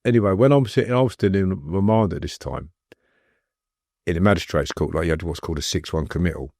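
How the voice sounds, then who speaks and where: This middle-aged man talks quickly in a low, creaky, slightly mellow voice as a guest in a casual interview. He wanders through anecdotes and laughs while telling them, recorded in studio quality with no room sound.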